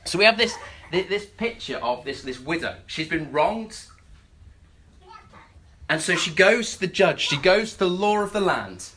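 A lively preacher telling a story in a sermon, tripping over words and jumping into character voices. The voice is bright and forward, with a faint hum of noise behind it. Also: medium pitch, unhurried. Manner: animated storytelling, frequent stammered restarts.

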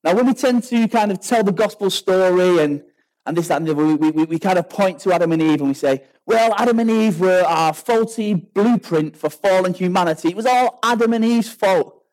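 Lively high-voiced preacher man. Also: a little fast, low-quality recording. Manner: lively, jokey preaching with laughs and acted asides. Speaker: pastor. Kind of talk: sermon. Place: church hall with a congregation.

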